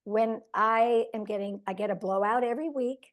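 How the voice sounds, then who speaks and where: On a team coaching video call, a woman passes on her own tips in an earnest, self-deprecating way, quick to laugh at herself. Her voice sits a little higher than most women's.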